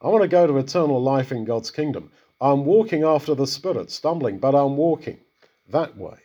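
A man teaching from Scripture in an easy, conversational way, often turning to put questions to his listeners. His voice is husky and mellow, with a dark, relaxed tone. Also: medium pitch, normal speed, muffled recording. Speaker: Bible teacher. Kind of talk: conversational Bible exposition.

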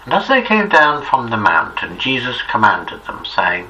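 A man reading scripture aloud in a measured, reverent narration. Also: mid-range voice, wildly swooping pitch, pushed and bright. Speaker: scripture reader. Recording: distant muffled recording, faint hiss.

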